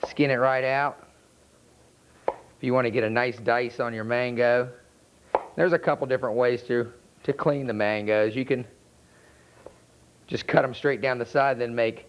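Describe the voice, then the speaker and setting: A man with a North Carolina accent, a chef talking through a cooking demonstration in a relaxed, plainspoken way. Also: mid-range voice, noisy background. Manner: relaxed, plainspoken, step-by-step instruction. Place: outdoor charcoal grill by a house. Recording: dull lo-fi VHS recording.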